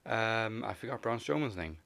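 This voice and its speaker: A man's voice: lowish voice, animated, moderate pace, gravelly, a bit bright. A man hosting a casual wrestling podcast, laughing often as he moves through the segments. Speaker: podcast host.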